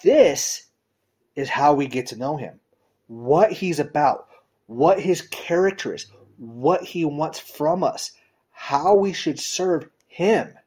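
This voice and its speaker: A man's voice: expressive, takes it slowly, slightly rough. A man giving a conversational sermon, talking straight to his listeners in a direct, informal way and often checking in with "you know" and "right?". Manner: emphatic swings in pitch and loudness. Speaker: preacher.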